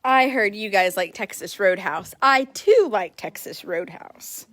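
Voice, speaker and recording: A woman voicing a laid-back male horse who calmly talks about food he likes. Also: medium pitch, a little slow, no room sound. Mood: confiding.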